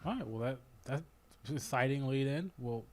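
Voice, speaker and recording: Animated joking man on a podcast. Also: mid-range voice. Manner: joking, profane, quick to laugh. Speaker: podcast co-host. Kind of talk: casual podcast banter.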